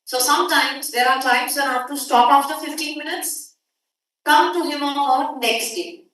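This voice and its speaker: In a conference hall, a woman with an Indian English accent gives an academic workshop lecture, emphatic and firing questions directly at the audience. Her voice is high-pitched and a bit bright, at a moderate pace. The mic is distant and the hall echoes.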